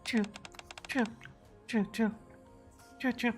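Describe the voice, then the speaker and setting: Woman streamer, playful and jokey, chats with viewers, fairly high voice. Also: steady tone, slow, soft background music. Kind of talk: casual game stream chat.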